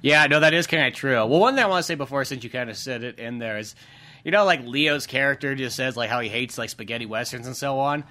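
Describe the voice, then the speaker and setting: A man co-hosting a casual movie talk, speaking in quick bursts full of "like" and fillers. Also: mid-range voice, bright, forceful tone. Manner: fast, filler-heavy, full of "like".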